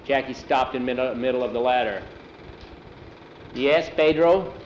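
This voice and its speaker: A man telling a story aloud in a plain, unhurried way and acting out the dialogue himself. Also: medium pitch, little pitch movement, echoey room, dull audio, a little hiss or hum. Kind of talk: oral storytelling.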